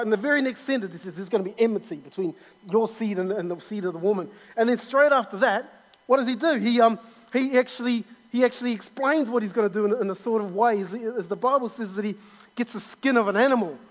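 In a church auditorium with long hall reverb, a man preaches a sermon with enthusiasm, repeating himself and restarting often. His voice is extremely high-pitched and fast.

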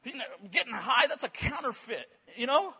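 A male preacher with a very high, bright voice that has a husky edge. He tells stories at a church service in a lively way, stumbling over repeated words as he builds momentum. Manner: animated, repeats words in quick bursts. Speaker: guest preacher. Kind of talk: sermon with storytelling.

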